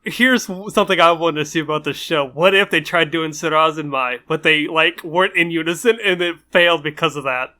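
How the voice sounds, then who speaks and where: Bright-voiced joking male podcaster. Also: on the high side, brisk, few pauses. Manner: joking, teasing, pushes others to do bits. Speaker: podcast co-host and editor. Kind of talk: casual chat.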